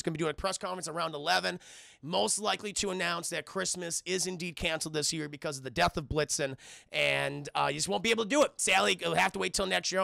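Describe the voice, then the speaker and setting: A man recapping a film for his stream chat in a casual, animated way, laughing and swearing often. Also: sits high, gravelly, dry recording, clean studio sound. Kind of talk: casual profane plot recap.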